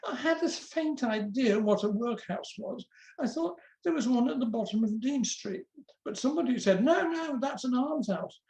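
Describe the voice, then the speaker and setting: A guest reader reads a memoir aloud in an easy, conversational storytelling manner. The voice sits at a middle pitch. The room adds a noticeable echo. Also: expressive, moderate pace, creaky, dark tone. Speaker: guest reader at book launch.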